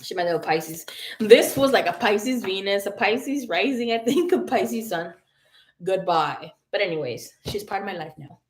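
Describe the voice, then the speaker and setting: A woman in her early thirties hosts a casual livestream, trading tarot talk for animated family gossip. Her voice sits at an ordinary middle pitch as she tells stories with plenty of swearing. She laughs often between lines. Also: moderate pace. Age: early 30s. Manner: animated, profane storytelling. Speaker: psychic tarot reader and livestream host.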